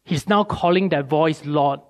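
A male preacher, giving a sermon with animated storytelling and many rhetorical questions. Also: fairly high pitch, measured pace.

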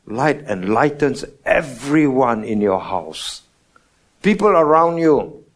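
A man preaching a morning sermon, stressing words with sudden loud and soft swings and asking his listeners questions. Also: mid-range voice. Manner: emphatic, rising and falling in loudness for stress; asks the congregation rhetorical questions.

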